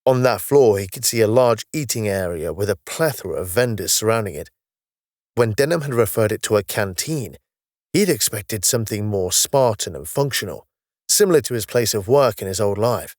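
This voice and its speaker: A man narrating a science-fiction audiobook in a steady, even storytelling manner. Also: fairly low pitch, moderate pace, no echo, clean studio sound.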